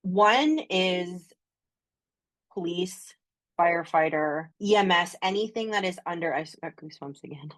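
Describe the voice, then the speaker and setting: Chatty Canadian woman, low voice. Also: lively intonation, measured pace, a bit bright, no room sound. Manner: chatty and enthusiastic, peppered with "like". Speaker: astrologer guest. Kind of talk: casual podcast conversation.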